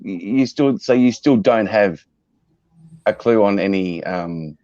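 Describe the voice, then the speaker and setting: A man's voice: lowish voice, slow pace, mellow, dry recording, dull audio. A man with an Australian accent, a guest actor chatting casually and teasing the host with slang. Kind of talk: casual chat on a talk show.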